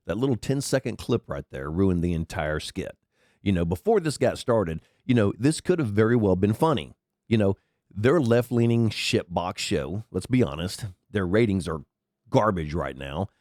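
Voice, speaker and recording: Sick and congested, a podcast host sniffles through a rambling, chatty commentary monologue, swearing freely into his headset mic. His voice is unusually deep from the cold and darkish in tone, captured as clean studio sound with no echo.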